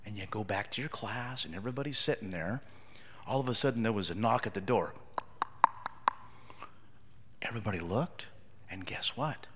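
A man gives a children's sermon, telling a story from his school days and quizzing the kids as he goes. His pitch swings widely as he talks, and his voice rings through a large, echoey church hall. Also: normal speed, long pauses, background noise. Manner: animated, asks the children questions. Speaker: pastor giving a children's message.

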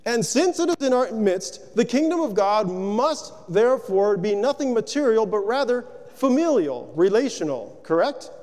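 A man's voice: high voice, very animated, moderate pace, few pauses, darkish tone, in a large hall. A man preaching a sermon, working through rhetorical questions in a loose, conversational way.

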